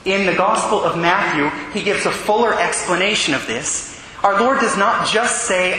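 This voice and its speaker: A man preaching a sermon as a priest, telling a personal story with lively acted-out quotes. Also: high voice, moderate pace, a little hiss or hum. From California. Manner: animated storytelling, acts out quoted voices. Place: large church with long echo. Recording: echoey hall.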